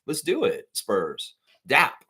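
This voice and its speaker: A man talks loosely through a live fan stream in a mid-range voice. He rambles from one thought to the next and reads viewer comments out loud as he goes. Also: huge pitch swings, slow, husky. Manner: gets loud and high-pitched when worked up. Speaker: sports fan livestream host. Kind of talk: casual live chat reacting to news.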